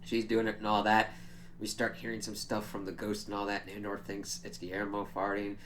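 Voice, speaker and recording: A man's voice: lowish voice, completely flat delivery, brisk, fairly bright tone, a little hiss or hum. A man giving a casual, chatty spoiler recap of a TV episode, swearing freely and laughing as he retells scenes. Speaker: show reviewer.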